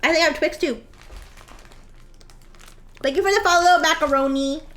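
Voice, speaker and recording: High-voiced giggly woman streamer. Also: moderate pace, a bit bright. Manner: playful and giggly, laughs often; acts out a bratty daughter in jest. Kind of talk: casual live-stream chat while drawing.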